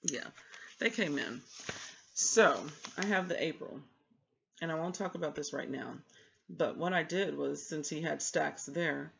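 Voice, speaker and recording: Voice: medium pitch, a little slow, vocal fry, a bit bright, muffled recording. A book vlogger in a casual chat, telling a rambling story about a library trip and acting out what each person said. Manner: chatty, rambling storyteller who acts out what people said.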